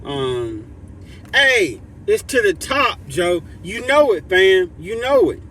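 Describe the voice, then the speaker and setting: A man hosting a motivational livestream, high-pitched and full of swings. He talks slowly with heavy emphasis, calling out to his community and reading their chat. A faint hum of noise sits behind him. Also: very animated. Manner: hyped, emphatic, shouts to the community, reads chat aloud; drops to soft low voice for heartfelt thanks. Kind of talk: casual livestream talk to chat.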